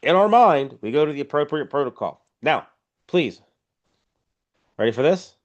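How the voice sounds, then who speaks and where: A man's voice: a little high, very animated, moderate pace, highs cut off. A man teaching an online EMS class in a blunt, informal and emphatic way, heard over a video call. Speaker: EMS instructor. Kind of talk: casual online class lecture.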